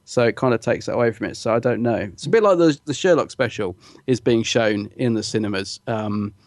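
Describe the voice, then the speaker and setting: A man's voice: mid-range voice, a little fast, no echo. A man co-hosting a podcast, chatting enthusiastically and laughing easily. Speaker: podcast co-host. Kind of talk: casual chat.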